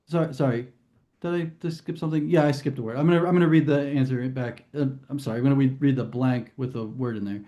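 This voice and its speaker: A man's voice: medium pitch, mellow. A man teaching a casual test prep lesson, thinking aloud and correcting himself as he goes. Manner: chatty, thinks aloud, quick self-corrections. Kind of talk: informal classroom lesson.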